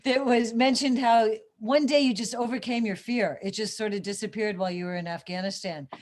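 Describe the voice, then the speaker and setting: A woman co-hosting an interview over a video call, asking questions in a curious, gently inquiring way. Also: a little high, fairly even intonation, brisk. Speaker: co-host.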